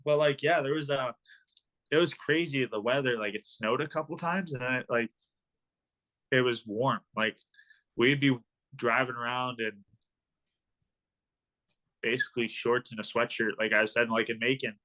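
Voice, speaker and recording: A man's voice: medium pitch, moderate pace, pauses often, sharp tone. A young man in his twenties, a professional hockey player, telling rambling stories in a casual podcast interview, full of ums and likes. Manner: rambling, filler-heavy storytelling.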